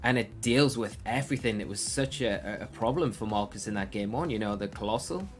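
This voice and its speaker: A man's voice: fairly low pitch, a little fast, faint music behind. A man commentating a competitive game match, breaking down plays analytically and thinking aloud with frequent restarts. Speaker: esports commentator.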